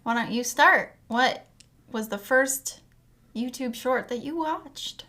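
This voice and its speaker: A woman's voice: sits high, slow, pushed and bright. A woman co-hosting a podcast, tossing in joking remarks during a casual chat. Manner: joking interjections. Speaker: podcast co-host.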